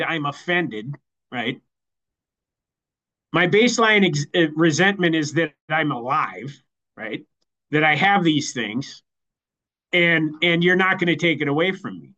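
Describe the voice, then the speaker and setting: A man giving a personal recovery share as the keynote speaker, halting and repeating words as he goes. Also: on the high side, bright, forceful tone, highs cut off. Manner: halting, repeats words while finding them. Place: online meeting.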